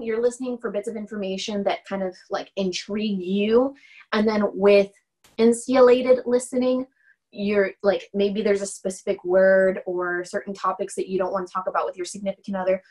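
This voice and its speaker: A woman instructor talks through a lecture in a relaxed, conversational way. Her voice sits at a middle pitch for a woman. She keeps checking in with her listeners and slips into lively voices to act out examples. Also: poor audio. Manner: conversational, often checks in with "right?"; acts out example dialogue in animated voices. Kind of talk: casual recorded lecture.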